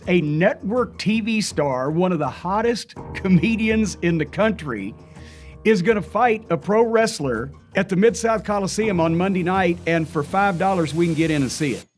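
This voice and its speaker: An older man and wrestling historian recounting events as an animated, vivid storyteller. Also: high voice, moderate pace, soft background music. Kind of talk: storytelling interview.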